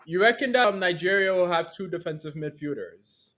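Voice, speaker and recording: A man joining a casual discussion as a guest, eager and quick to interject. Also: high-pitched, animated, a bit bright. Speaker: guest panelist.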